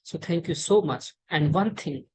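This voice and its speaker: A woman's voice: fairly low pitch, darkish tone, breathy edge, rough recording. An Indian woman who teaches English, with an Indian accent, explaining pronunciation in an online lesson with many fillers and restarts. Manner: halting, many fillers and restarts, repeats words. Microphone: screen-share recording.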